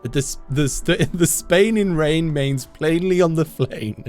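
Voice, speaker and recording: A man's voice: a little high, slow pace, a little mellow, soft background music. A man live-streaming a game, chatting casually with viewers in a goofy, self-mocking way.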